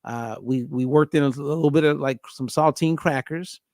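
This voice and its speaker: A man hosting a casual podcast conversation as a diet coach, telling a story with lively acted-out dialogue. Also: a little high, normal speed, no room sound, studio quality. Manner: animated storyteller acting out both sides of a phone call.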